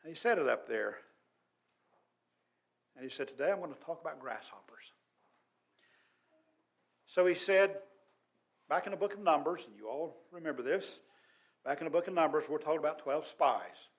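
A man preaching a sermon as pastor, earnest and emphatic, his voice swelling loud and dropping quiet. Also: fairly high pitch, expressive, normal speed, pauses often.

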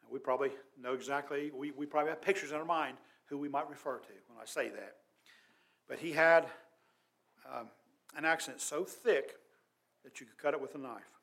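Earnest preaching man, slightly high voice. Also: brisk, creaky. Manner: earnest, emphatic preaching with swings between loud and quiet. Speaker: pastor. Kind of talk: sermon.

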